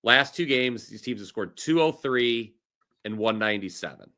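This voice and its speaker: A man's voice: mid-range voice, animated, moderate pace, pushed and bright. A man hosting a sports betting show, talking picks in an upbeat, jokey way. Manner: upbeat, jokey, laughs easily. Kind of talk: casual sports betting talk.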